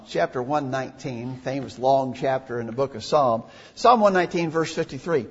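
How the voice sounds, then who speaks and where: Preacher, male, slightly high and husky, earnest and emphatic, dull lo-fi recording. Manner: earnest, emphatic, reads scripture aloud. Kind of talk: sermon. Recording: dull lo-fi recording in a reverberant hall.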